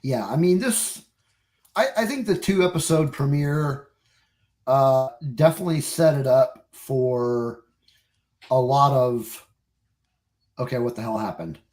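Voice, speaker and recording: A podcast co-host chatting casually and speaking slowly at a middle pitch. The speech comes out hesitant, with frequent fillers and restarts. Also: a little mellow. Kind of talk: casual chat.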